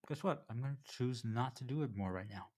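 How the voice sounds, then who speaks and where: At times chewing while he talks, a man livestreaming from home delivers a wandering, self-interrupting monologue to his chat, often addressing them as "you guys." His voice is medium-pitched and a little mellow, and he speaks a little fast.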